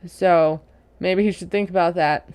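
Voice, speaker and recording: Chatty woman recapping a reality show, smooth clear voice, dry close sound, pretty opinionated. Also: lowish voice, fairly even intonation, measured pace, darkish tone, no echo. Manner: chatty and opinionated, frequent laughs. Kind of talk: casual recap commentary.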